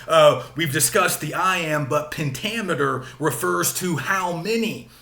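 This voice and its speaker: A man's voice: on the high side, a little slow, creaky, bright, forceful tone, roomy sound. A man giving a patient, explanatory literature lecture, repeating key points and using frequent fillers. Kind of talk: recorded classroom lecture.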